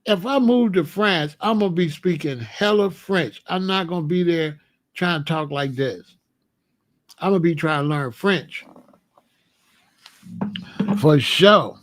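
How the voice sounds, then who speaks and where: Man, from Chicago, fairly high voice, casual monologue, slangy, repeats himself, laughs a lot. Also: measured pace, long pauses, dry recording. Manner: loose slangy talk, laughs often, repeats his points. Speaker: commentary channel host.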